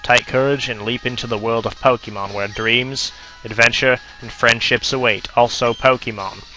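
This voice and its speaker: A man's voice: medium pitch, steady tone, normal speed, sharp tone, faint music behind, lightly acted, low-quality recording. A man voicing a cheery middle-aged Pokemon professor in a hammy put-on Australian accent, hearty and theatrical. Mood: excited.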